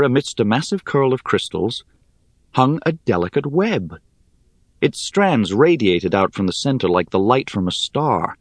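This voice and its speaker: Man, audiobook narrator, lively intonation, dry close sound. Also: lowish voice, dry recording. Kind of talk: first-person audiobook narration.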